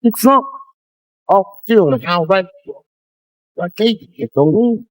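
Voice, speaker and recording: A man performing live stand-up comedy, telling profane stories that swing into shouted rants. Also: sits high, animated, unhurried, in a large hall. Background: audience laughter.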